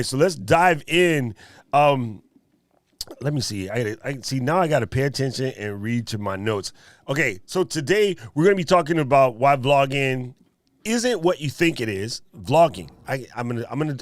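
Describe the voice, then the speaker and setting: A man's voice: medium pitch, animated, normal speed, no echo. Joking man hosting a live stream. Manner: joking, playful banter with chat. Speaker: livestream host. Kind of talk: casual livestream chat.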